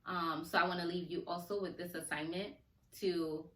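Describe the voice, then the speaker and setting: A woman's voice: lowish voice, steady tone, moderate pace, pushed and bright, recorded from a distance. A woman hosting a solo podcast, talking in a heartfelt, conversational way and laughing often. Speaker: podcast host. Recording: roomy echo, voice a bit off-mic.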